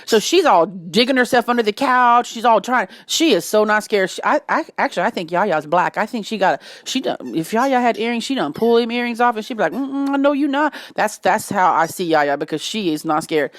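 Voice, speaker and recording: A woman's voice: medium pitch, brisk, hardly any pauses, no room sound. A woman with a Cajun accent telling a wild home story in casual Southern speech, with sudden shrieks and laughter. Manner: animated, breaks into shrieks and laughter.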